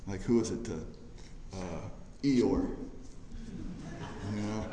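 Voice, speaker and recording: A man preaching a sermon in a church hall, emphatic, swelling loud on key phrases and then dropping quiet. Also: lowish voice, drawn-out words.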